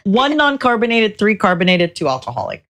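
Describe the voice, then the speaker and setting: A woman with a mid-pitched, very lively voice co-hosts a VTuber podcast in casual chat. She talks animatedly and expressively, and she repeats phrases for emphasis. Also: brisk. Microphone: personal microphone.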